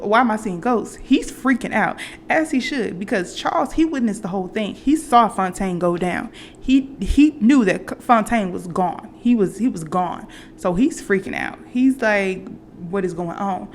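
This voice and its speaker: Woman with a gravelly, rambling recap voice. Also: medium pitch, a little hiss or hum. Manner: rambling retelling with fillers and restarts; acts out quoted characters. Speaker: movie reaction vlogger. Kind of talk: casual movie recap.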